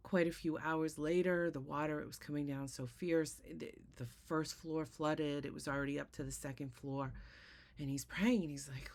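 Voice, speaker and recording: A woman with a low, creaky voice tells a spiritual parable in a relaxed, conversational way. She keeps checking in with her listeners by asking "right?" and "okay?". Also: moderate pace. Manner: conversational, with frequent fillers and rhetorical "right?". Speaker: host. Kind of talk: casual spiritual storytelling.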